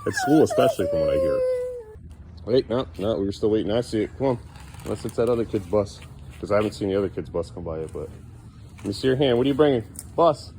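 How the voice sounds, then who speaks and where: A man's voice: fairly low pitch, expressive, fast talker, dark tone, slight background noise. A man talking casually to his young son as a father, playful and coaxing, teasing him now and then.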